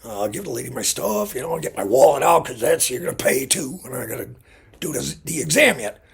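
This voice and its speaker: A man tells a rambling story for his vlog, chatty and full of asides. His voice is very raspy and gravelly, and his pitch swings widely as he talks. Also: expressive, a little fast, a bit bright. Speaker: vlogger. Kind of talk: casual storytelling. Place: Illinois.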